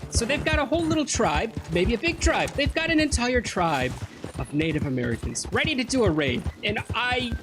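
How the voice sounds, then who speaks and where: A man's voice: very high-pitched, very animated, normal speed, over music. A man casually commenting on his playthrough of a game, chatty and joking. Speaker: let's play gamer.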